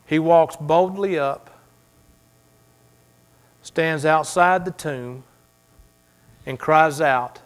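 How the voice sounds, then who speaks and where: Pastor guy preaching in church, bit high voice, goes quiet then loud, dramatic storytelling. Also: drawn-out words, pauses often. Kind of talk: sermon.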